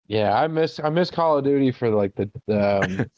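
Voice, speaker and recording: A man's voice: mid-range voice, expressive, unhurried, a little mellow, slight background noise. A man co-hosting a casual comedy podcast, swearing freely and laughing often. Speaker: podcast co-host.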